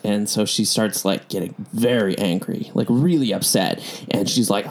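A young man with a low, gravelly voice tells a rambling story in casual conversation. He leans on fillers and acts out what people said. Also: fairly even intonation, fairly quick, a little mellow. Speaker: podcast host and DJ. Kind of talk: casual chat.

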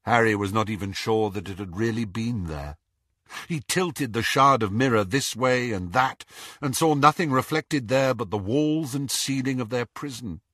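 A man reading a novel aloud as an audiobook narrator, with an expressive, dramatic delivery. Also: mid-range voice, normal speed, dry recording, clean studio sound. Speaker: audiobook reader.

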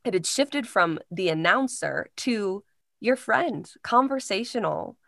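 A woman's voice: mid-range voice, expressive, slow, vocal fry, fairly bright tone, no echo. Chatty young woman, dry close sound. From Indiana, United States. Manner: chatty, many fillers like "like" and "you know". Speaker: voice-over artist guest. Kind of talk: casual interview conversation.

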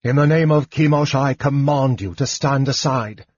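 Man as a harsh grim knight, husky, low, dry recording. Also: animated, measured pace, a little mellow, no echo, dull audio, heavily acted.

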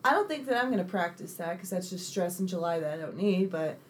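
A young woman co-hosting a casual chat, telling animated stories, swearing freely and acting out the people she quotes. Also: on the low side, fast, slight background noise. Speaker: podcast co-host.

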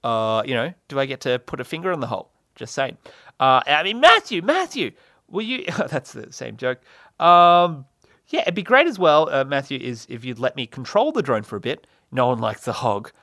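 With a bright, forceful, sing-song delivery at a moderate pace, a young man of medium pitch hosts his own comedy podcast. The sound is dry and clean, studio-made, as he rambles, pokes fun at himself, and fills the air with fillers and laughter.

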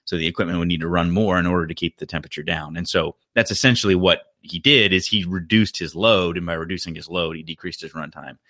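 Deep-voiced man explaining HVAC know-how. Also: fairly even intonation, fast talker, hardly any pauses, pushed and bright, no echo, clean studio sound. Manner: explanatory, practical, self-correcting. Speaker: HVAC contractor. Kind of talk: podcast technical talk.

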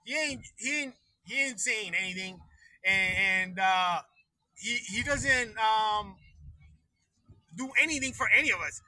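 A man's voice: sits high, unhurried, long pauses, pushed and bright, dry recording, low-quality recording. Male livestream host, casual rant, swears a lot, dry close-miked sound. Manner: profane, rambling, laughs often.

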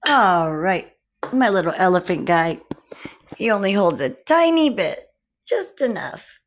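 A young woman hosting a casual livestream from home, greeting viewers by name with slow, drawn-out, giggly chatter into her phone. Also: mid-range voice, very animated, slight background noise. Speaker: livestream host.

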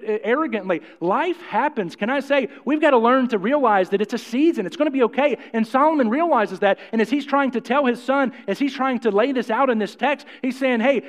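A middle-aged preacher with a notably high voice delivers a folksy, joking sermon, repeating phrases and asking the room questions. His voice rings with a long hall reverb, and the recording sounds somewhat dull and muffled. He talks like a pastor chatting with his own congregation. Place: church hall.

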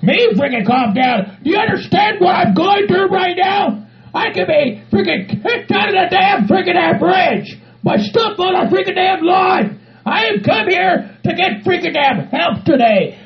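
A man doing a screaming, squeaky hillbilly hothead. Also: expressive, unhurried, exaggerated voice. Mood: furious ranting. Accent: Southern US put on. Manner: shouting, cursing, ranting. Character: loud hot-tempered hillbilly man, middle-aged. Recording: muffled recording with crowd noise.

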